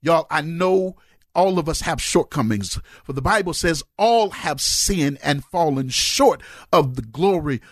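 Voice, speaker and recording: Fervent husky-voiced man preaching. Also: on the high side, animated, unhurried, no room sound, clean studio sound. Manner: fervent preaching, rising to shouts and sung phrases. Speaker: pastor. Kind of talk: sermon. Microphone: close mic on a cord.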